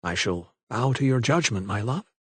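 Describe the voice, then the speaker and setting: Audiobook: teasing young gentleman doctor, voiced by the male narrator, plain mid voice, dry recording. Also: medium pitch, normal speed, no room sound, natural voice. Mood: teasing, courteous. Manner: teasing, wry, courteous. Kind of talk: audiobook character voice.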